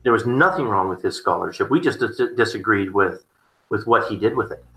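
Man, lowish bright voice, casual rambling talk, echoey room. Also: lively intonation, a little fast. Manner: rambling, repeats words, chuckles often. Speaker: theology discussion partner. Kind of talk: casual conversation.

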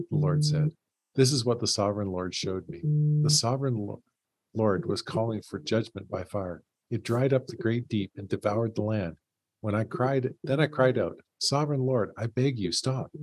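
A man with a husky, fairly low voice reads scripture aloud in a plain, steady way. The recording is dry, with no room sound around him. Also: moderate pace, no echo, rough recording. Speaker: Bible study co-host and reader. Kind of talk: casual Bible discussion and scripture reading.

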